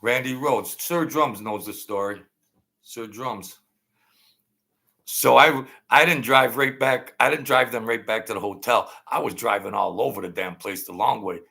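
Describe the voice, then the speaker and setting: A man hosting his own channel, telling a long casual story in a rambling, halting way, full of fillers and restarts. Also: mid-range voice, creaky, bright, forceful tone, breathy edge. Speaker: channel host telling stories.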